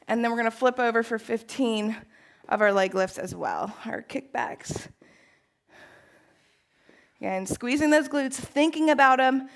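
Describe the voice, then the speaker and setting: A woman with a somewhat high voice coaches a live workout class in an indoor space. She is upbeat and encouraging and laughs often between cues. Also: poor audio. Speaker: fitness instructor.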